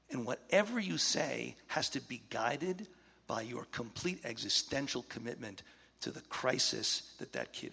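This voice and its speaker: Man, 50s or older, rabbi, gravelly and husky, earnest storytelling, long hall reverb. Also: mid-range voice, bright, forceful tone. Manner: earnest, impassioned, drops to a near-whisper at emotional points. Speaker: rabbi speaking to an audience. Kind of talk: storytelling talk to an audience.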